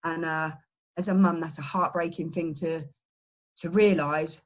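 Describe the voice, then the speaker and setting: A middle-aged woman giving an earnest personal testimony, halting and full of restarts and fillers. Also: sits low, fairly even intonation. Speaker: person in recovery sharing a story.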